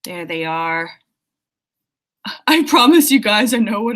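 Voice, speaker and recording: A woman's voice: mid-range voice, lively intonation, moderate pace, long pauses, a bit bright. A young woman, an author, chatting casually and giggling as she reads viewer comments during a livestream. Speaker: author hosting a writing livestream.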